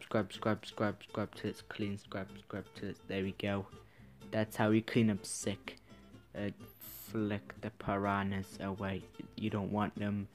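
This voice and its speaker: A man giving let's-play commentary, muttering to himself and swearing casually as he plays. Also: lowish voice. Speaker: gaming video creator.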